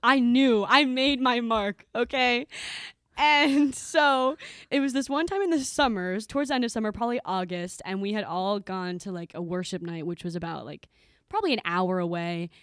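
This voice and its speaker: A woman's voice: fairly high pitch, normal speed, clean tone, no echo, studio quality. A woman in her twenties co-hosting a podcast, telling stories in casual chat and acting out the voices of the people in them. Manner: animated storyteller, acts out quotes. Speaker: podcast co-host.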